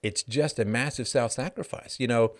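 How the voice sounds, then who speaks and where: A man's voice: mid-range voice, normal speed, noisy background. A man hosting a livestream show, talking casually in a sarcastic, mocking way and breaking into fits of laughter. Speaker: host of a call-in livestream show. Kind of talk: casual monologue.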